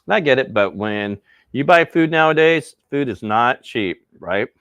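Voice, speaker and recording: A man's voice: medium pitch, lively intonation, a little slow, fairly bright tone, no echo, dull audio. A man hosting a casual cooking livestream, chatting and rambling to his viewers while he cooks outdoors. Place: outdoors by a pizza oven.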